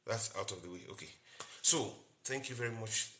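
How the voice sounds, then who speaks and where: A man's voice: on the low side, normal speed, very noisy. A man, a doctor hosting a live-stream health talk, explaining in short repeated phrases and greeting viewers by name.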